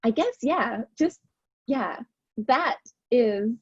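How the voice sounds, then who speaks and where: A woman talking as a podcast guest in a lively, swooping voice with a breathy, husky edge. She gushes and repeats her thanks, leaning on fillers. The audio is dry and dull, with a lo-fi feel. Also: fairly high pitch, takes it slowly, no room sound. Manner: effusive, filler-heavy, repeats herself. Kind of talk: casual heartfelt conversation.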